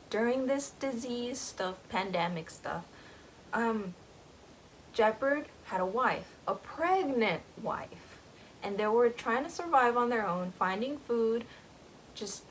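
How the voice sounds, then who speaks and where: A woman's voice: mid-range voice, a bit bright, slight background noise, poor audio. Rambling woman recapping a book. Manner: rambling, full of fillers.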